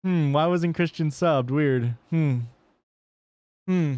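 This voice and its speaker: A man live-streaming a game, chatting with his viewers in a hyped, joking way and swearing freely. His voice is smooth and clear at a middle pitch, recorded close and dry. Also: slow pace, darkish tone, no echo. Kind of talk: casual live-stream chat over gameplay.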